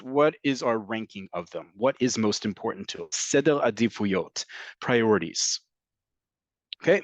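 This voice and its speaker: A man's voice: mid-range voice, fairly bright tone, dry recording, lo-fi sound. A man teaching Hebrew vocabulary in an online class, explaining patiently with fillers and frequent "okay?" checks. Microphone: computer mic on a video call.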